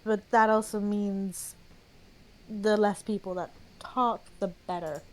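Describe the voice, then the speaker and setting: A woman playing a tabletop game, chatting casually with quick questions and asides. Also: mid-range voice, steady tone, a little mellow, poor audio. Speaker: player.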